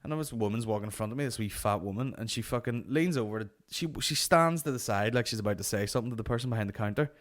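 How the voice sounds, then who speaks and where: A man hosting a comedy podcast, telling a story as a sweary, animated and exasperated rant. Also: medium pitch, racing, few pauses. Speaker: podcast host.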